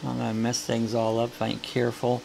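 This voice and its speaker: A man's voice: mid-range voice, completely flat delivery, fast, gravelly, darkish tone, slight background noise. A man hosting a casual live coffee chat, talking in a rambling, folksy way with lots of fillers and restarts.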